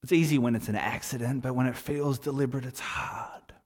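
A man preaching a sermon in a relaxed, conversational way, telling stories with lively asides. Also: mid-range voice, a little fast, in a large hall. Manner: conversational, animated storytelling with asides. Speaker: pastor.

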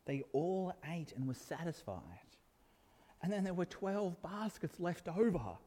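A man's voice: sits high, lively intonation, measured pace. Man preaching in a reverberant hall. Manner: earnest, builds to emphatic peaks, drops to soft asides. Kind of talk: sermon.

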